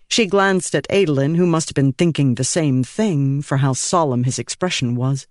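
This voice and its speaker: A man reading an audiobook in measured scripted narration, giving each character a voice. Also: on the high side, no room sound, clean studio sound.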